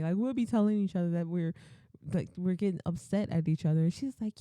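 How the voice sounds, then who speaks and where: A young adult woman hosting a podcast, telling work stories in a casual, animated way and acting out her coworkers' lines. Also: on the low side, moderate pace, no echo, clean studio sound. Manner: animated, acts out coworkers in quoted voices, laughs often. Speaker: podcast host. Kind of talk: casual storytelling monologue.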